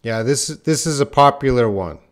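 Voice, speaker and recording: A man's voice: mid-range voice, lively intonation, moderate pace. A man giving a casual live-stream lesson, chatting to viewers by name and laughing at his own slips. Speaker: English teacher.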